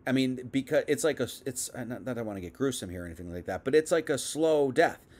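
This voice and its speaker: A man's voice: mid-range voice, lively intonation, quick pace, darkish tone. A young man giving a casual, conversational Bible teaching, full of asides and restarts. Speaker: preacher.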